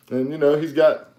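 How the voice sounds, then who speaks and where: A man from South Carolina, co-hosting a podcast, chatty and quick to laugh. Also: a little high, dark tone. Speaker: podcast co-host. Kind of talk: casual chat. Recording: roomy echo.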